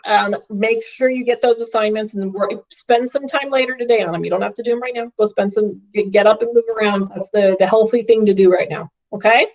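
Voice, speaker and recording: A woman's voice: mid-range voice, fairly quick, few pauses, darkish tone. A woman math teacher giving a live online class from home, upbeat and checking in with her students often. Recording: dull lo-fi stream audio.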